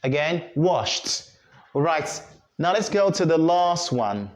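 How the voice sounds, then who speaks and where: A man teaching English pronunciation in an online lesson, speaking slowly and deliberately and repeating each word for learners to copy. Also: on the high side, very animated, darkish tone. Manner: slow and deliberate, repeating words for students to copy.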